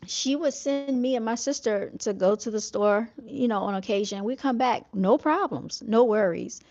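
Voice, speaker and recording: A woman's voice: fairly high pitch, normal speed, darkish tone, muffled recording. A woman vlogger casually telling stories from her childhood, chatty and full of fillers. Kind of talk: casual storytelling.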